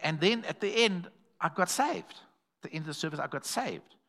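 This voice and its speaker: Bright-toned guy preaching, acts out the voices in his story, calls out to the church. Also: a little high, normal speed. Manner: animated, calls to the congregation, acts out quoted voices. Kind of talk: sermon with storytelling.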